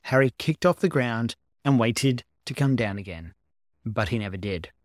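A man reading a story aloud as an amateur narrator, calm and even. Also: mid-range voice, normal speed, no room sound, clean studio sound. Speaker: amateur reader. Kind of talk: audiobook narration of fan fiction.

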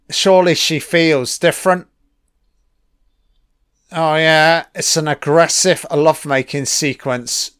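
A man's voice: on the high side, a bit bright, clear, resonant tone, dry recording, studio quality. A man giving casual, sarcastic film commentary, swearing constantly and mocking what is on screen. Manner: sarcastic, heavily profane, mocking.

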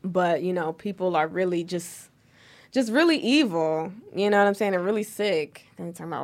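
A woman's voice: fairly low pitch, fairly quick, vocal fry. A woman, a singer and guest in a casual interview, speaking emphatically and animatedly. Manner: animated, emphatic, laughs often.

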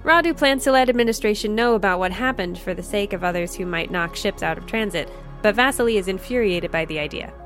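A woman narrating a science fiction story in a steady, measured reading. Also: mid-range voice. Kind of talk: audiobook narration. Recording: faint music behind. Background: faint music.

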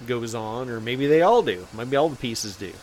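A man co-hosting a podcast, calmly explaining and speculating in casual banter. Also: mid-range voice, moderate pace, slight background noise. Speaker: podcast co-host.

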